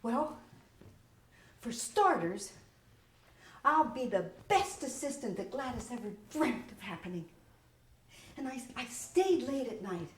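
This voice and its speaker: A woman's voice: fairly high pitch, a little slow, pauses often, recorded from a distance. A woman with a Southern US accent performing a self-mocking solo theater monologue, recorded live in a roomy small theater. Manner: animated, self-mocking storytelling.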